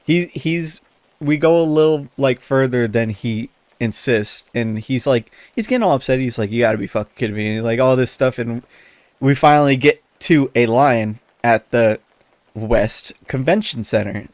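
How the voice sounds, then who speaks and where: A man co-hosting a podcast, telling a story in casual chat, animated, laughing as he talks and swearing often. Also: mid-range voice, moderate pace, no echo. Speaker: podcast co-host.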